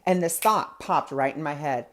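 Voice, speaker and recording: A man's voice: on the high side, moderate pace, a bit bright. Male host, spiritual talk, chatty and anecdotal, conversational delivery. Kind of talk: casual spiritual teaching talk.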